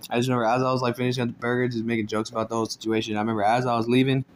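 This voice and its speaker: Man, casual storytime, laid-back, constant swearing, laughs between lines, mid pitch, faint background noise. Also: level tone, racing. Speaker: storyteller vlogger.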